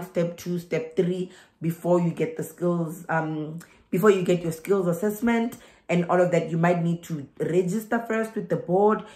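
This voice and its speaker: Her lowish voice echoes around the room as this young South African woman chats about migrating. Speaking with a South African accent, she laughs along and restates her points to stress them.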